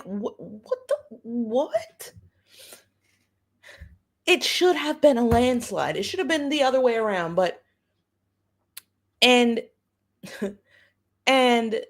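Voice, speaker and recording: Woman, fairly high voice, livestream host, blunt, sarcastic, profane, repetitive emphasis. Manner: repeats phrases for emphasis. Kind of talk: ranting political commentary.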